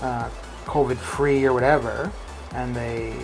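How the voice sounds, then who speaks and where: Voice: medium pitch, steady tone, a little slow, poor audio. A game streamer chatting casually with viewers in a live stream, rambling with lots of restarts and fillers, over faint background music.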